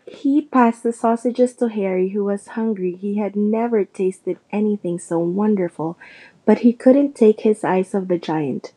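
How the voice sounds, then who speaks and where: A woman narrating a storybook aloud in a steady, measured way. Her voice is mellow and dark, at an ordinary pitch. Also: breathy edge. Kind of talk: audiobook reading.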